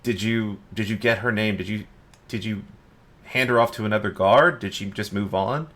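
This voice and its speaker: A man voicing a gruff male city guard captain who fires off exasperated, stammering questions in a tabletop game. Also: lowish voice, normal speed, a bit bright, natural voice.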